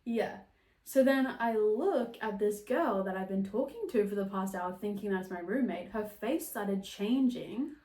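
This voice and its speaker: A woman's voice: medium pitch, lively intonation, unhurried, warm tone, far from the mic. Chatty young woman telling a story. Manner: chatty, swears casually. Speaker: podcast host. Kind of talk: casual storytelling. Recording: roomy echo.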